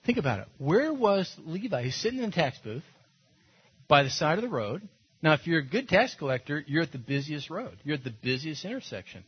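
A male pastor preaching a sermon, retelling a Bible story in a lively, storytelling way and acting out the characters' lines. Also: on the high side, brisk, husky, muffled recording. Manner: animated storytelling with acted-out voices and laughs.

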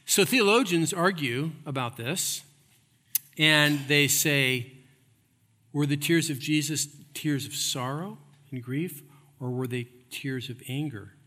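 A man's voice: a little high, takes it slowly. Emphatic preaching man, hall reverb. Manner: emphatic, repeats phrases, swings between loud and hushed. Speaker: pastor. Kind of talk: sermon.

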